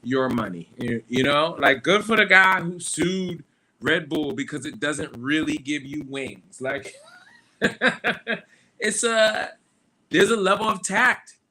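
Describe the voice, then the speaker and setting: Bright-voiced man telling loose stories. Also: fairly high pitch, lively intonation, slow pace. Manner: loose, profane storytelling with lots of fillers. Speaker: podcast host. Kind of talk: casual live-stream monologue.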